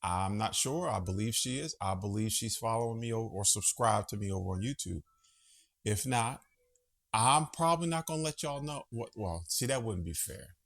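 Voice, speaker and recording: A man's voice: fairly low pitch, normal speed, fairly bright tone. A man hosting a casual monologue vlog from home, chatty, profane and easily sidetracked. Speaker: vlogger host.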